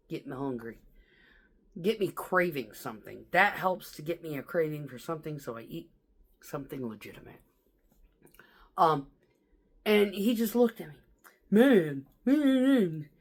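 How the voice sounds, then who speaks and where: A woman's voice: sits low, slightly rough. Blunt, sweary woman telling work stories. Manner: blunt, sweary, animated, mimics coworkers. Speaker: vlogger. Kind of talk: casual profane storytelling.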